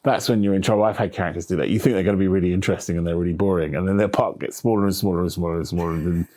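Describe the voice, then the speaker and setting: A man's voice: low voice, rapid-fire. A man, an author being interviewed, chatting casually and acting out quoted voices with plenty of humor. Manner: animated storyteller, acts out quoted voices, swears casually. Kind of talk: relaxed conversational interview.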